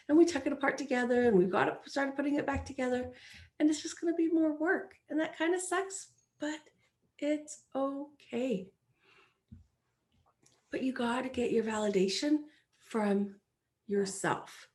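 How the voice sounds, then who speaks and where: Woman in her 40s, life-coach podcast host, encouraging and earnest, somewhat high-pitched. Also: moderate pace, darkish tone. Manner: earnest, encouraging, acts out inner voices. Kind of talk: solo podcast talk.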